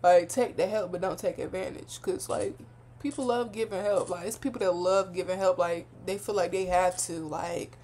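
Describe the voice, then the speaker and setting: A woman's voice: on the low side, fairly even intonation, normal speed, darkish tone, slight background noise. Chatty young woman reacting casually. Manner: chatty, heartfelt, slangy, rambling. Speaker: reaction video host.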